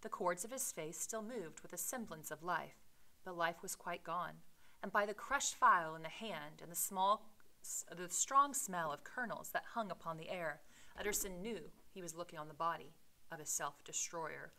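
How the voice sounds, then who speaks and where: Bright-toned woman reading aloud. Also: on the low side, normal speed, low-quality recording. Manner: expressive reading, voicing dialogue with dramatic emphasis; casual explanatory asides with fillers. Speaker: teacher reading a novel aloud. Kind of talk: read-aloud with commentary.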